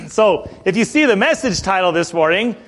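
A middle-aged male pastor with a high voice, preaching in a relaxed, chatty way. He tells stories loosely and keeps clearing his throat between thoughts. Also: moderate pace. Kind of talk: sermon.

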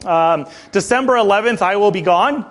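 High-voiced pastor, chatty and throat-clearing. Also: male voice, animated, normal speed, fairly bright tone. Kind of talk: sermon.

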